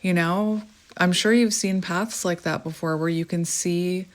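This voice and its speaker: Gentle Canadian woman reading tarot. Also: on the low side. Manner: gentle, reflective, meandering with fillers. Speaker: tarot reader. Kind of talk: spiritual tarot reading monologue.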